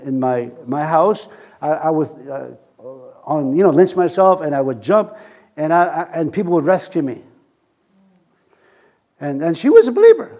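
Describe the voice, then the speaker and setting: A man preaching a sermon, telling a long story from his own ministry. His voice sits a little high for a man. He keeps it lively and jokes with the room, chuckling between lines. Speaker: pastor.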